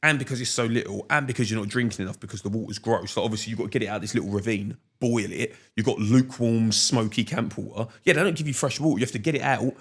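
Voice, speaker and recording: Fast-talking young man, animated. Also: on the low side, slightly rough. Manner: animated storyteller, slangy, laughs often. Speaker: podcast guest. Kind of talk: casual chat.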